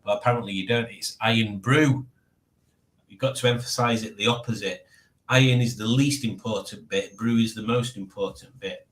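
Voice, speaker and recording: A man's voice: lowish voice, fairly even intonation, fairly quick, reverberant. A man hosting a casual livestream at home, rambling as he reads chat messages aloud. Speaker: livestream host reading chat. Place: at home, indoors.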